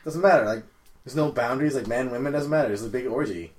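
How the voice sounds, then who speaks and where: A man's voice: medium pitch, quick pace, a little mellow. A man chatting casually on a podcast, crude and joking, laughing often.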